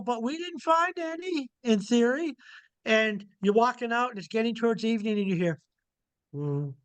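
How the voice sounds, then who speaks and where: Man with a high voice, middle-aged, clear smooth tone, dry close sound, folksy lecture style, repeats his points. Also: fairly bright tone, no room sound. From Montana. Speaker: owl researcher giving a presentation. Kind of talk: informal illustrated lecture.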